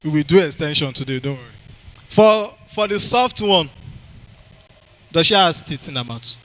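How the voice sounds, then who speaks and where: Nigerian guy giving a health talk at church, highish bright voice, keeps quizzing the crowd. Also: expressive, normal speed, poor audio. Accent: Nigerian English. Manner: quizzes the audience, repeats key phrases.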